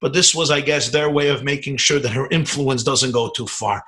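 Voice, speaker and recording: A man from Brooklyn, a rabbi, telling a story in an animated, emphatic lecture over a video call. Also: medium pitch, normal speed, poor audio. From Brooklyn, New York, US. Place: home in a suburban area, on a video call. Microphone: video call computer mic.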